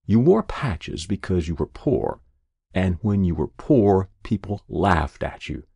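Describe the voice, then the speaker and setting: A man narrating a story in an expressive, measured storytelling manner. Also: sits low, vocal fry, husky, no room sound. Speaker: audiobook narrator.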